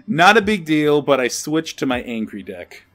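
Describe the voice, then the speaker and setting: A man's voice: a little high, fairly bright tone. A young man commenting on his own card game as he plays, often swearing and ranting in frustration. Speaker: gameplay video creator. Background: faint background music.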